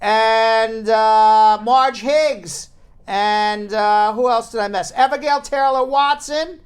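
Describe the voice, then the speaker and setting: A man's voice: high-pitched, takes it slowly, clean tone. A man in his forties hosting a live talk show, joking and chatting casually as he reads out viewer names. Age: 40s. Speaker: talk show host and lawyer.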